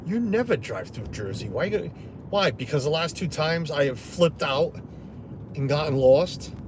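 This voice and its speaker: Chatty middle-aged man, lively voice. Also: fairly high pitch, normal speed, background noise. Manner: rambling, chatty, greets viewers. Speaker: live stream host. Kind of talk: casual live chat. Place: inside a parked truck.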